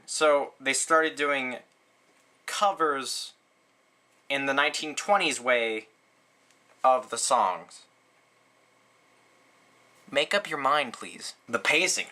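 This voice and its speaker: A man's voice: slow, long pauses. A man giving a casual movie review, rambling and sarcastic, with lots of "like" and "um" fillers. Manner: rambling, full of "like" and "um", sarcastic asides; animated, frequent jumps in pitch.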